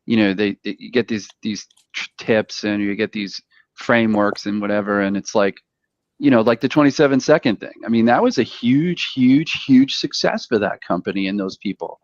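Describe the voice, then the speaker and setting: A man giving earnest advice about sales tips, halting and repeating words as he talks. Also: fairly low pitch, no echo. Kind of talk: casual chat about cold calling. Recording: dull dry lo-fi sound.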